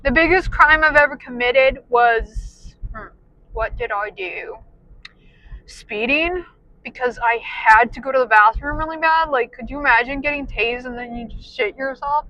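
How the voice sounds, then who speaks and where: A woman's voice: high voice, moderate pace, bright, forceful tone, highs cut off, slight background noise. A young woman vlogging, rambling in a self-deprecating way about her fears and moods, dropping "dude" and "like" all the time. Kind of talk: casual rambling monologue.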